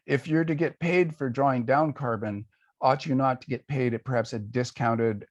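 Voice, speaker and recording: An older man, a guest author, answering questions in a conversational panel talk, measured and thoughtful with pauses and fillers. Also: medium pitch, no room sound, highs cut off.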